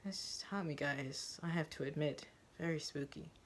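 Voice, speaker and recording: A woman voicing a brash, defensive troubled teenage girl who talks bluntly and crudely. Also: low-pitched. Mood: gossipy. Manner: blunt, crude and quick to anger.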